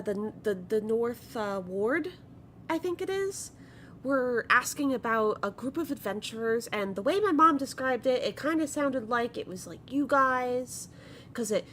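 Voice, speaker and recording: A shrill, fretful little caller with a raised, loud voice, stumbling and apologizing over a line with faint noise behind, as a woman puts it on. The delivery is hesitant and rambling.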